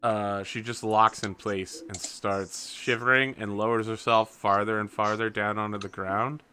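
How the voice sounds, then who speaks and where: A man running a tabletop role-playing game with a very bright, forward voice. He narrates in a playful, animated way and asks the player what she does. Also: fairly low pitch, unhurried, clear, resonant tone, dry recording. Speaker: game master.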